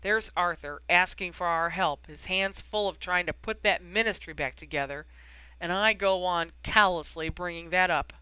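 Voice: medium pitch, expressive, a little slow, sharp tone, smooth, no room sound, low-quality recording. Reader doing a tormented, self-blaming wizard. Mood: anguished. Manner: bitter, self-reproaching outbursts. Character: anguished, guilt-ridden grown wizard.

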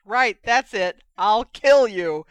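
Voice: mid-range voice, measured pace, fairly bright tone, smooth, dry recording, voice pushed up, close to an everyday voice. An audiobook reader voicing an embarrassed young man, demanding and indignant. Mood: angry. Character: angry embarrassed young man, flustered brother.

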